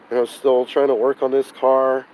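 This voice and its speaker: A sick man live-streaming from outdoors beside a car, swearing, sighing and venting his frustration, sounding hoarse and burnt out. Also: medium pitch, a little mellow, slight background noise, poor audio. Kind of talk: live-stream vlog, talking to chat.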